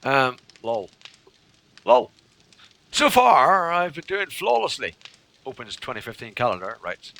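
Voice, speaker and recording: Bright, lively male game streamer. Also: medium pitch, normal speed, gravelly. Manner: reads chat aloud and thanks followers, joking. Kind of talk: casual live-stream chat.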